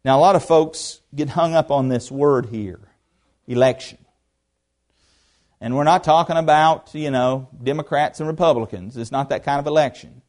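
A pastor with a somewhat high voice preaches an expository sermon at a moderate pace. He is earnest, using emphatic rises, soft drops, conversational asides, and rhetorical questions aimed at the congregation.

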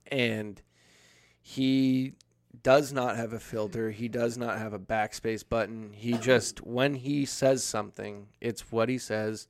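A man's voice: on the low side, dry recording, studio quality. A young man telling a casual, profane story on a podcast, acting out quoted lines as he goes. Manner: swears a lot, acts out quotes.

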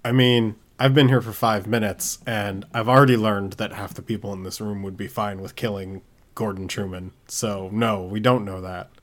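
Low-ish voiced guy playing a tabletop game, casual, kinda skeptical. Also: steady tone, normal speed, a bit bright. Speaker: player.

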